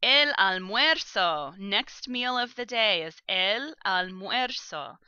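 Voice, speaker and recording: A woman teaches a recorded vocabulary lesson, sounding out each word slowly and with care. Her voice is bright and smooth. The recording is close and dry, with a slightly muffled tone. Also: medium pitch, animated, no room sound. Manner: slow, careful pronunciation of vocabulary. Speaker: language teacher.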